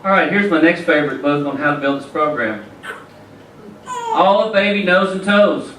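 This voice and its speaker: His high voice swoops wildly in pitch, a bit bright, at a moderate pace, as this keynote speaker preaches and tells stories in an enthusiastic motivational talk. It was recorded from afar in an echoey conference hall, with slight background noise.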